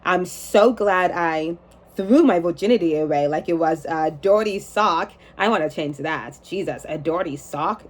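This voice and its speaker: A woman in her twenties chatting casually and reading aloud from her journal, swearing and laughing at herself. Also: fairly low pitch. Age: 20s.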